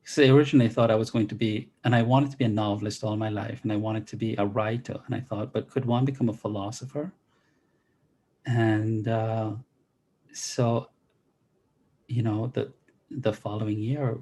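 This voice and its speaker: A man's voice: lowish voice, mellow. A middle-aged man from Jamaica, a guest telling his life story in an interview over a video call, reflective and articulate with some restarts.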